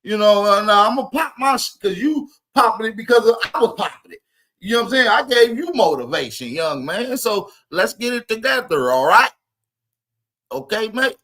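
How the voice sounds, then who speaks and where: A man's voice: high-pitched, lively intonation, normal speed, bright, forceful tone, poor audio. Brief: male channel host, slangy, confrontational commentary delivery. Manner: combative, street slang, calls out a rival. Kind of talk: casual commentary video.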